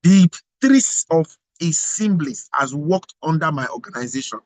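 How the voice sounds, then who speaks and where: Emphatic man, slightly high voice. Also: expressive, a little slow, a little mellow, no echo, poor audio. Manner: emphatic, repetitive, rhetorical questions. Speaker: global president of organization. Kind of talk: motivational address.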